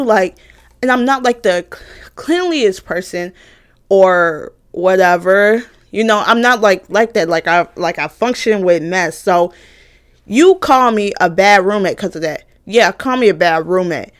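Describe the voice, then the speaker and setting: A woman's voice: medium pitch, normal speed. A woman in her twenties, a college student telling a heated storytime, swearing and ranting with mocking asides. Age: 20s. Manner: animated, profane, heated, mocking voices of others.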